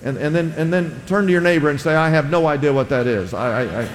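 A pastor with a somewhat high voice delivers a fast sermon in a church sanctuary, his words fading into long hall reverb. His preaching is loose and conversational, with restarted phrases and calls for the congregation to repeat after him.

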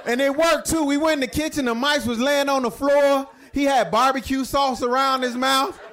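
A man's voice: extremely high pitch, steady tone, moderate pace, fairly bright tone, some chatter behind. A man doing a stand-up comedy set, telling jokes in a laid-back, vernacular storytelling manner.

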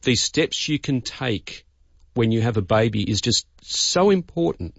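A man's voice: mid-range voice, lively intonation, a little slow, gravelly, no room sound, highs cut off. A man, a radio host speaking heartfelt and a little stumbling. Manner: heartfelt, stumbling, repeating words. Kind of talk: radio interview.

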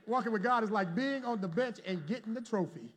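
Male pastor, higher-pitched voice, dramatic volume swings and call-and-response with the congregation. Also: fairly quick. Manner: call-and-response preaching with sudden swings from loud to hushed. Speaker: preacher. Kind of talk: sermon. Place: church before a congregation.

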